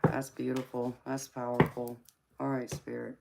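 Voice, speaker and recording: Speaking at normal speed in a creaky, rumbling low monotone, this Southern-drawling woman chats casually during a tarot live stream. She greets viewers and reads the cards aloud in an easygoing manner, over loud background noise.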